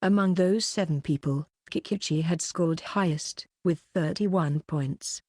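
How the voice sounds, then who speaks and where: Audiobook narration by a woman, steady, dark tone. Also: lowish voice, a little slow, no room sound, clean studio sound. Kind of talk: scripted narration.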